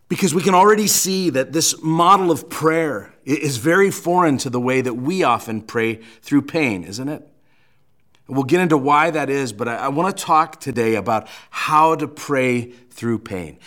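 A man's voice: medium pitch, fairly bright tone. Earnest man preaching a sermon. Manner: earnest, reads scripture with rising emphasis; restarts and repeats words often. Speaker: pastor.

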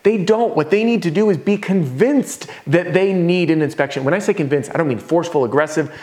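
A man in his thirties teaching a roofing sales lesson at a whiteboard, talking energetically and sometimes acting out homeowners in quick voices. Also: on the high side, darkish tone.

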